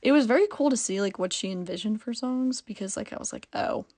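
A woman's voice: a little high, fast, a little mellow. A young woman vlogger chatting through a casual storytime, giggly and full of "like" fillers.

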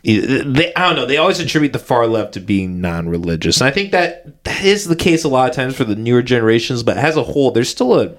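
A man's voice: mid-range voice, expressive, fast, few pauses. A man co-hosting a podcast, talking bluntly and profanely in casual chat. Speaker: podcast co-host.

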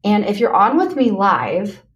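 A woman hosting her own podcast, talking candidly and earnestly to listeners in a motivational pep talk, speeding up then slowing on key words. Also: mid-range voice, huge pitch swings, lo-fi sound. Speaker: podcast host.

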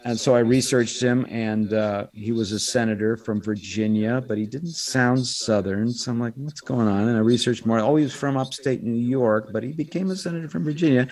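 Middle-aged american guy, voice actor telling stories in a chatty interview, lively. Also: mid-range voice, moderate pace, few pauses. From United States. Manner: animated storyteller, drops into quoted voices. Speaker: guest, voice actor and impressionist. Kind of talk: casual interview chat.

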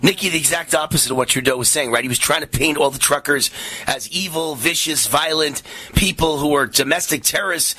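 A man hosting a talk radio show, speaking in an energetic, rambling way that often repeats words. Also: fairly high pitch, brisk, no room sound.

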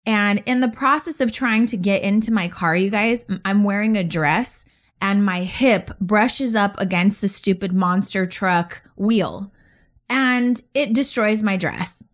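A woman co-hosting a podcast, telling a story in an animated, exasperated way. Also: medium pitch, a little slow. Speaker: podcast co-host. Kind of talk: casual storytelling chat.

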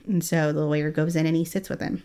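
A woman telling a true-crime story in casual chat, animated, laughing often and acting out quotes. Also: sits low, quick pace, smooth. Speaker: guest storyteller.

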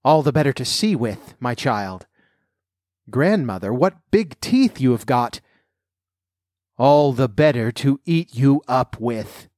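A sly, hungry wolf from a storybook, put on by a man reading aloud. He talks slowly with a quiet menace. The voice sits close and dry, with no room around it. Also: medium pitch, expressive, dry recording. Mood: menacing.

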